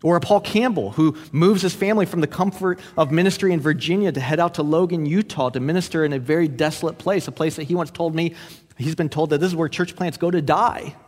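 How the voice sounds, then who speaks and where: A man's voice: a little high, fast talker, darkish tone. A man preaching a sermon as pastor, telling a story earnestly and often stumbling over and repeating his words. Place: church sanctuary. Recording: long church hall reverb.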